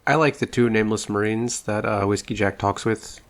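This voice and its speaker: A man's voice: lowish voice, a little fast, slight background noise. A man co-hosting a casual book podcast, making playful jokes. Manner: playful, joking. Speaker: podcast co-host. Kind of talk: casual book-club chat.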